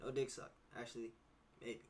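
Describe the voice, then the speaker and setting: A young man streaming casual reaction commentary, slangy and animated, talking back at the screen. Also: medium pitch, a little fast, a little hiss or hum.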